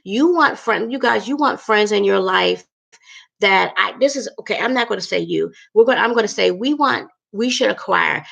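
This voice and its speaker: A woman's voice: medium pitch, vocal fry, fairly bright tone, muffled recording. A woman vlogger venting emotionally to her viewers in a chatty, emphatic way, repeating herself as she talks. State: emotional, upset. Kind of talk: emotional personal vlog rant.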